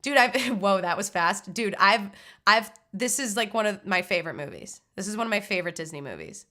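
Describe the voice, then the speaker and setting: A woman's voice: mid-range voice, big pitch swings, fairly quick, sharp tone. A woman streamer chatting casually about movies in a loose, slangy way, full of "like" and "dude" and casual swearing. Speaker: live streamer ranking movies. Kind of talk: casual live-stream chat.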